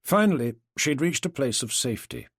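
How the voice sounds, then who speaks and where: A man narrating an audiobook with expressive, measured storytelling. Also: mid-range voice, breathy edge, no echo, clean studio sound.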